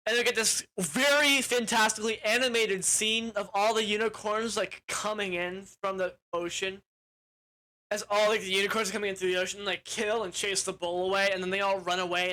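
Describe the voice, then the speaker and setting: A man's voice: high-pitched, bright, forceful tone. A young man giving a casual, rambling movie recap in crude language, with lots of "like" fillers. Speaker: movie reviewer.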